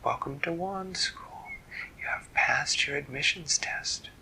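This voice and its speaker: A man voicing a kindly female fairy teacher, gentle and matter-of-fact, in a whispered role-play. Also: on the high side, slow pace, creaky, voice pushed up, heavily acted, rough recording. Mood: welcoming.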